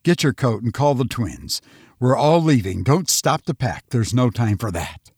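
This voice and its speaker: Man as a grim, hurried father, clipped orders, dry close read. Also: medium pitch, lively intonation, a little mellow, breathy edge, dry recording. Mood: urgent. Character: urgent, grim middle-aged husband and father.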